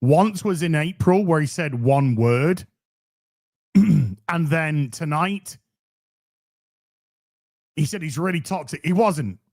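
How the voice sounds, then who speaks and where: A man's voice: on the high side, lively intonation, slow, pauses often, a little mellow. A man hosting a commentary show, ranting sarcastically and mocking the streamer he reacts to. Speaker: commentary host.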